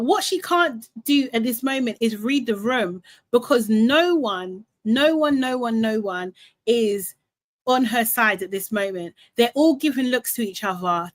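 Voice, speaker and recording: Woman host, casual live debrief, animated, gossipy retelling, voice sits a little high. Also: a little slow, dry recording. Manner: chatty, animated retelling with swearing. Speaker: reality show recap host.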